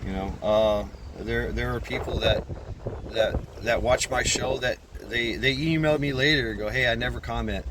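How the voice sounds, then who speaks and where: A man's voice: medium pitch, normal speed, background noise. A man talking casually to his channel's viewers, rambling and swearing, often repeating his words. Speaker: channel creator. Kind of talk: casual vlog monologue.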